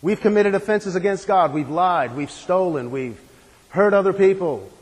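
A man's voice: high voice, moderate pace, in a large hall, rough recording. A man preaching a sermon in an earnest, emphatic way, asking the room questions and stressing key words.

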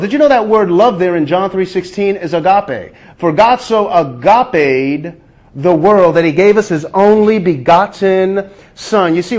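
A man preaching a sermon at a shelter, slow and emphatic, asking the listeners rhetorical questions. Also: high voice. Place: shelter chapel.

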